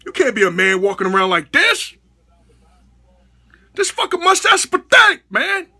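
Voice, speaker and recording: High, bright, exasperated male ranter. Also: very animated, normal speed, creaky. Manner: profane, exasperated, bursts into shouts. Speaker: comedy vlogger. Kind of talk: comedic rant to camera.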